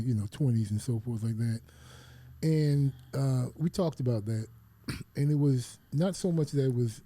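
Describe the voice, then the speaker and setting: A man's voice: medium pitch, normal speed, dark tone, faint music behind. A man co-hosting a podcast, talking in a casual discussion and arguing his point firmly. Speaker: podcast co-host.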